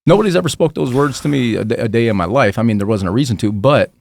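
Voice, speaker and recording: A man's voice: medium pitch, moderate pace, creaky, darkish tone, dry recording, clean studio sound. A man telling his personal testimony as a podcast guest, earnest, raw and emotional.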